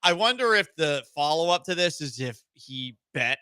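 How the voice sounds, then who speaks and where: A man's voice: fairly high pitch, animated, moderate pace, pushed and bright, clear, resonant tone, no room sound, studio quality. A man from Houston hosting a sports radio show, joking and teasing his co-hosts in casual banter. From Houston, Texas. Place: radio studio. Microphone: studio microphone.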